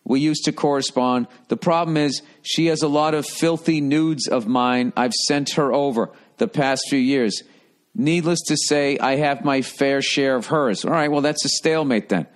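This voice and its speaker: A man's voice: mid-range voice, moderate pace. A man hosting a comedy podcast who reads listener letters aloud and gives blunt advice with profane, rambling, sarcastic asides. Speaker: podcast host.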